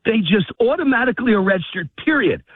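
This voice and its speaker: A high-voiced man calls in from a park walk, out of breath and heated. His voice is husky and comes through a tinny phone line. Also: sing-song, dry recording. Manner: fast, heated ranting with rising emphasis. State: out of breath, walking a dog. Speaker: guest commentator. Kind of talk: political talk radio interview. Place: outdoors in a park, walking. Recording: phone-line call, dry.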